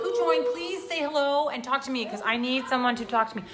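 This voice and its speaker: A woman's voice: high-pitched, a little fast, few pauses, crowd noise. A middle-aged woman, chatting on a home live stream in a frazzled, self-mocking way. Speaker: vlogger hosting a live stream. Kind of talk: casual live-stream chat. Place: home kitchen. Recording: echoey home room with clear background noise.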